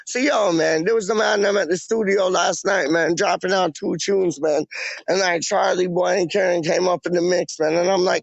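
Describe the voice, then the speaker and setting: Gravelly young man with slang. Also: high-pitched, fairly even intonation, moderate pace, dry recording, highs cut off. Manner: slangy, rambling, drops fillers like "man" and "dog". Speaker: streamer. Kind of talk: casual street livestream.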